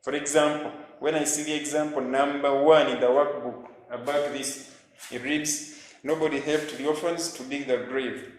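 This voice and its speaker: A man's voice: mid-range voice, steady tone. Ugandan man teaching grammar in an echoey classroom. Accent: Ugandan English. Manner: slow, emphatic, repeats example sentences. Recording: very echoey room, faint noise.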